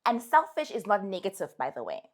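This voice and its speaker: A woman's voice: mid-range voice, a little fast. A young adult woman with a South African accent, giving casual, emphatic advice to her followers. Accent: South African English. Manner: animated, emphatic, sassy.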